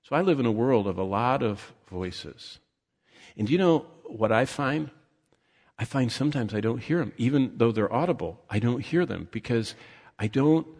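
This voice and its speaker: Older male pastor, mid-pitched, animated sermon delivery, long hall reverb. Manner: animated preaching with restarts and acted asides.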